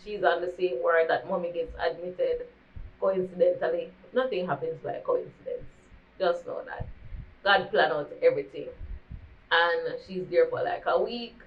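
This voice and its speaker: A woman's voice: on the low side, normal speed. A young woman with a Jamaican accent telling a candid storytime vlog, slipping into patois as she talks. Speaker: vlogger. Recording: dull lo-fi recording.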